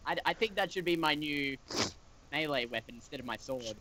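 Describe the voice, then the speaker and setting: A man with a somewhat high voice jokes around as he plays on a livestream. He gets excitable in the chat. Faint noise and clicking are heard behind him. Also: a little fast. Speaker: player on a gameplay stream.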